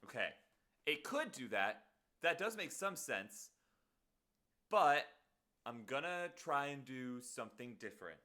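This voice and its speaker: While making music on a live stream, a man mutters to himself and greets his chat with playful, self-mocking jokes. His medium-pitched voice is sing-song and sharp in tone, unhurried, with long pauses.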